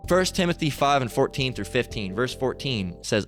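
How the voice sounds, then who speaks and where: A man's voice: mid-range voice, expressive, quick pace, hardly any pauses, a bit bright. A man delivers a heated preaching monologue, fiery and insistent. He trips over his words and restarts again and again. Faint music plays underneath. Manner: fiery, repetitive, with many restarts.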